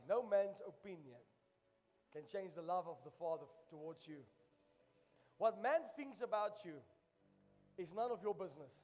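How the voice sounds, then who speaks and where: A pastor with a notably high voice delivers an impassioned sermon, hammering key phrases again and again. His words carry a long reverb from the church sanctuary. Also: a little mellow. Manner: impassioned preaching, repeats phrases for emphasis.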